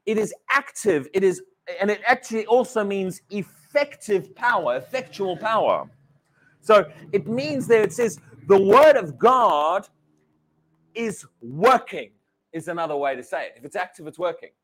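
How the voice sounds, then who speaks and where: Animated British preacher with a high voice. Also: male voice, a little slow, a little hiss or hum. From Britain. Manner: animated preaching, repeats words, asks the congregation questions. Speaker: pastor. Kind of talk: sermon.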